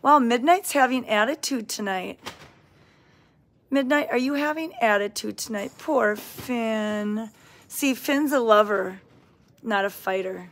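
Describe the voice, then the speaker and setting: A woman's voice: on the high side, a little slow, slight background noise. A woman hosting a casual livestream from an indoor cat sanctuary, chatting, greeting viewers by name and cooing at the cats, recorded on a handheld phone.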